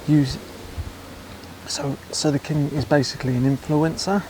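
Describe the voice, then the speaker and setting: A man's voice: fairly high pitch, fairly even intonation, a little slow, background noise. An English man talking casually in a vlog, with dry, chatty asides. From England. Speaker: travel vlogger.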